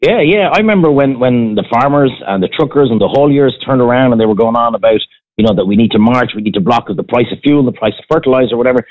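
A man's voice: medium pitch, fast talker. Fired-up Irish man, tinny phone-like sound. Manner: fired-up ranting, blunt and profane. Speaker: podcast guest, former restaurant owner. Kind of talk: casual chat.

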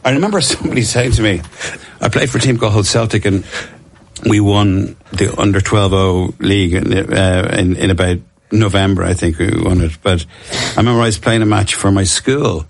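A middle-aged man tells rambling, self-deprecating stories as a guest on an interview, often breaking into laughter. His voice sits fairly low and has a husky texture. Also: steady tone, normal speed. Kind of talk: casual anecdotal interview.

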